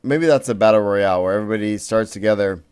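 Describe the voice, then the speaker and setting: A man's voice: on the low side, quick pace, darkish tone, clear, resonant tone. A man co-hosting a casual podcast, rambling with restarts and fillers. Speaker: podcast co-host. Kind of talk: casual chat.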